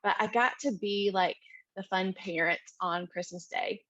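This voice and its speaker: A woman recounts a mission-trip moment in a chatty, animated way, sprinkling in ums and likes. Her voice sits at an ordinary pitch. The recording is dry and slightly muffled. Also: a little slow, dry recording. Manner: chatty, full of "um" and "like", animated retelling. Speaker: mission trip team member. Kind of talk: casual storytelling in an interview.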